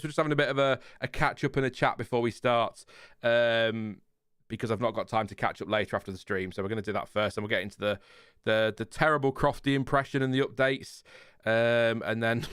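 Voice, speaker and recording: A man with a Lincolnshire accent hosts a casual livestream, reading out viewer comments in a calm, fairly flat voice, rambling and laughing often. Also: medium pitch, quick pace, clear, resonant tone, dry recording, clean studio sound. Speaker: livestream host.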